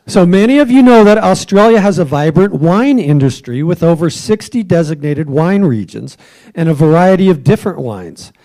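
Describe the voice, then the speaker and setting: A man's voice: high-pitched, a little mellow. A man hosting a trivia quiz at a club meeting, joking with the tables and offering hints for a dollar.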